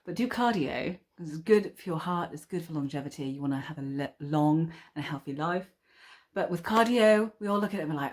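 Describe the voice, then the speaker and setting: Low-voiced chatty woman vlogger. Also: expressive, normal speed. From United Kingdom. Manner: chatty and encouraging, bursts into laughter and swearing. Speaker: weight-loss vlogger. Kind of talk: casual vlog to camera.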